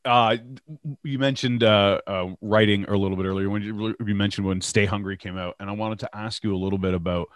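A man's voice: on the low side, steady tone, fairly quick, smooth, no echo, clean studio sound. A man from Canada hosting an interview, asking questions and giving short encouraging responses.

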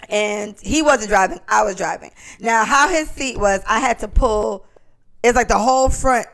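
A young woman with a gravelly, fry-laden voice chats casually on a podcast. She is animated and swears freely, slipping into the voices of people from her stories. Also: on the high side, normal speed. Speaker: podcast co-host. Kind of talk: casual storytelling chat.

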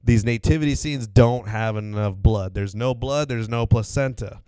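A man's voice: medium pitch, moderate pace, mellow, clear, resonant tone, no echo. A man co-hosting a crude comedy podcast, rambling and laughing, with lots of fillers. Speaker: podcast co-host. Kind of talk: crude casual comedy chat.

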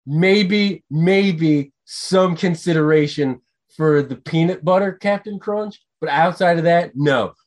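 A man co-hosting a podcast in casual chat, ranting with profanity and getting animated. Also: fairly high pitch, slow pace. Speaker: podcast co-host.

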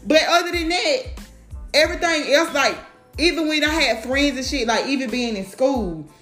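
A woman's voice: sits high, normal speed, a bit bright. A woman talking in a casual, blunt and profane monologue, telling her stories with lots of animation. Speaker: mother talking to camera. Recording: roomy sound with faint music.

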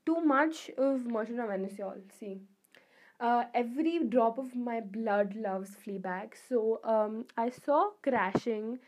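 A woman's voice: a little high, slow pace, darkish tone. A young woman chatting casually to her viewers, talking in a rambling, effusive way. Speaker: vlogger. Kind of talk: casual chat to camera.

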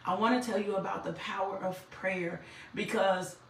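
A woman's voice: mid-range voice, fairly even intonation, moderate pace. Woman minister, impassioned testimony and prayer, repeats lines for emphasis, heard at a distance in a reverberant room. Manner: fervent, repeats phrases for emphasis. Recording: echoey room, mic at a distance.

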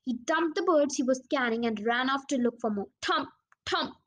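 A woman narrating a children's storybook as an audiobook reader, in a steady, plain reading manner. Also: high-pitched, a little fast.

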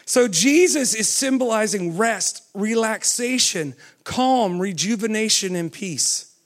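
A man preaches a sermon in a high, animated voice, repeatedly questioning the audience and urging them on with "come on." His pace alternates between quick runs and slow, drawn-out words.

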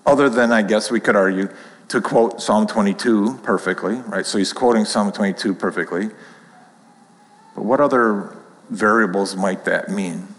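A man's voice: on the low side, normal speed, in a large hall, low-quality recording. A man teaching a Bible class, reading scripture aloud with rising emphasis and asking the group questions.

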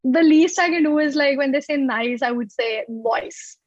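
A young woman with an Indian English accent, a podcast guest who talks in an animated, giggly, self-mocking way. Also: high voice, moderate pace, dry recording, dull audio. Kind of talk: casual interview chat.

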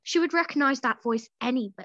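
A young woman with a high, bright voice reads a story for a podcast in a relaxed way and keeps breaking off to giggle and chat. Her voice is close and dry, and the sound is a little dull. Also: fairly quick, no room sound. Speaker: podcast co-host reading a story aloud. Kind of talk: casual story reading with chat.

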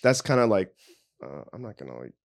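A man's voice: lowish voice, very animated, a little fast, gravelly. A man chatting casually as a podcast guest, rambling and self-deprecating, with lots of "like". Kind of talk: casual chat.

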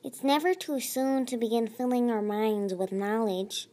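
A woman's voice: on the high side, a little slow, dark tone, lightly acted. A woman reading aloud as a pompous male dragon tutor with an oily, officious manner. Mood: smug. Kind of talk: audiobook reading.

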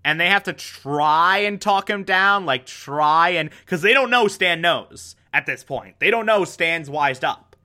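A man's voice: a little high, expressive, a little slow, few pauses, sharp tone. A man giving a passionate, casual recap of a TV episode, peppered with "like". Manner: passionate, lots of "like" fillers. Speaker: TV show reviewer.

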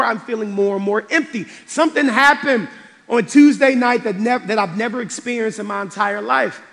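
A man with a high voice preaches a passionate sermon, one moment loud and driving, the next hushed and low. His voice rings out with a long reverb that trails behind every phrase. The delivery is personal and intense. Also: gravelly. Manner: impassioned, swings between loud and quiet. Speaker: pastor. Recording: long reverb of a large hall.

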